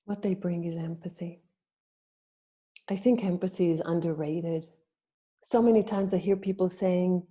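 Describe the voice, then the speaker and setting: A woman telling a myth in a gentle, reflective storytelling talk to her group. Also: on the low side, fairly even intonation. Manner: gentle, reflective, slow-paced. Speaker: birth story practitioner.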